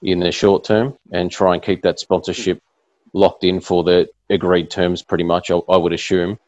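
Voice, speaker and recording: Man, very low voice, dry dull call audio, rambling chat. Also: little pitch movement, normal speed, darkish tone, no room sound. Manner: rambling, many restarts and fillers. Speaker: podcast host. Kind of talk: casual chat. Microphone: video call.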